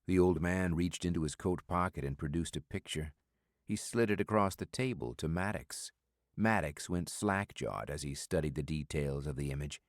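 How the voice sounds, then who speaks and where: A man reading a thriller audiobook in a steady, measured scripted narration. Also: rumbling low, dry recording, studio quality.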